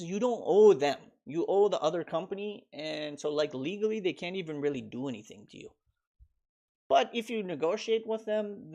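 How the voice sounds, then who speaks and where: Profane rambling stock-stream guy. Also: on the high side. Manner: profane, laughing, loose and offhand. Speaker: stock market livestream host. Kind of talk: casual rambling livestream talk.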